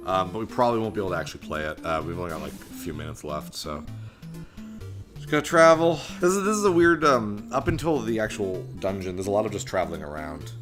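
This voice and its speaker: Rambling Canadian let's-play host. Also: male voice, fairly low pitch. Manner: joking, rambling, self-deprecating. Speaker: gaming channel host. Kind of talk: casual let's-play commentary. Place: home room, construction outside. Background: game music.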